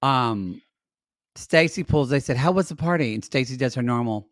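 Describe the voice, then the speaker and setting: A man co-hosting a podcast, chatty and animated, recapping a reality show in casual talk and calling listeners y'all. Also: mid-range voice, moderate pace, dry recording, clean studio sound. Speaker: podcast co-host.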